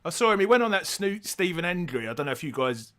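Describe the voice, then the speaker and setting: A man with a slightly high voice hosts a relaxed football watchalong. He is easygoing, laughs often and keeps the questions coming. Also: fast talker. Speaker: podcast host. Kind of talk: casual watchalong chat.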